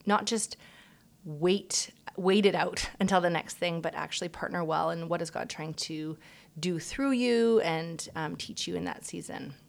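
Woman host of a faith podcast, slightly low voice, affirming and conversational. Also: measured pace, creaky. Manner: warm, affirming, frequent "um" and "mm-hmm". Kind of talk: faith-based casual chat.

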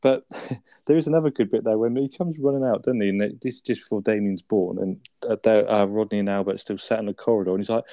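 A man's voice: fairly low pitch, fairly quick, dark tone, dry recording, studio quality. A young man co-hosting a casual chat about a sitcom episode, laughing often and acting out quoted lines. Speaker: podcast co-host.

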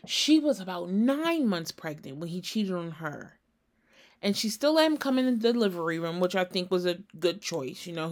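A woman hosts her own casual gossip podcast. She talks solo, blunt and sassy, swearing freely and speaking directly to the people she is talking about. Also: on the high side. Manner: sassy, blunt, talks straight at the person discussed. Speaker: podcast host.

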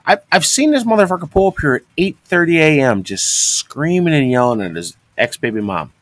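A man's voice: a little high, big pitch swings, fairly quick, a bit bright, dry recording. A man co-hosting a podcast, telling rambling, crude stories in casual chat. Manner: rambling storyteller, profane and joking. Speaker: podcast co-host.

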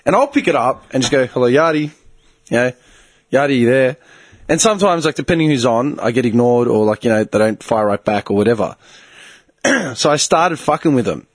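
Animated, husky bloke. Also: male voice, medium pitch, a little fast, no room sound. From Australia. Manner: swearing, animated storytelling, bursts of laughter. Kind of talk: casual chat.

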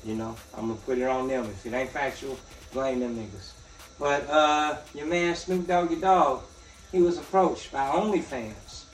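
A man co-hosting a podcast in casual chat, loud and laughing through crude banter. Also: medium pitch, normal speed, soft background music. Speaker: podcast co-host. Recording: echoey room from far off.

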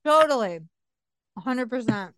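A woman in her forties co-hosting a casual podcast, telling stories in an animated way and laughing often. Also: a little high, moderate pace, clean tone, dry recording. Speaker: podcast co-host. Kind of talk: casual chat.

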